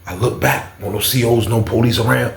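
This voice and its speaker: Male storyteller, fry in the voice, roomy sound, loose and animated retelling. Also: medium pitch, brisk. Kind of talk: casual storytime monologue.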